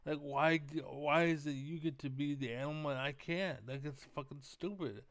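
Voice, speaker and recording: A man's voice: on the high side, moderate pace, a bit bright, dry recording. A young man vlogging in a heated, profane, rambling rant full of fillers. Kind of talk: casual rant to camera.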